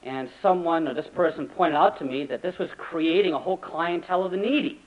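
A man preaching a sermon as a pastor, animated and acting out the voices he quotes. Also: fairly high pitch, a little fast. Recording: dull lo-fi recording.

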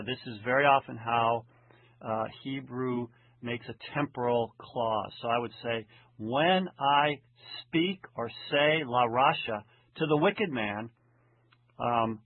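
A man teaching a lecture, translating a text verse by verse in a deliberate, methodical way and slowing down to read the original lines. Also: husky. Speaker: Hebrew Bible teacher. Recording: tinny phone-like low-fidelity audio.

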